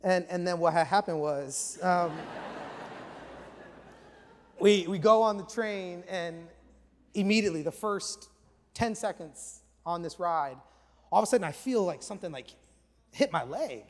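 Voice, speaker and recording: A man in his forties, a pastor preaching a sermon with chatty, animated storytelling and casual slang. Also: high voice, measured pace, pauses often. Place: church auditorium. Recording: echoey large church hall.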